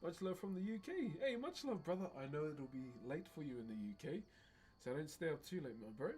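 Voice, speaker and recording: Brief: New Zealand man, slightly high voice, casual live-stream banter with chat, playful and quick to laugh, music playing behind. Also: very animated, darkish tone. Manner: cheeky, laughs often, chats with viewers. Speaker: live-streaming wood carver.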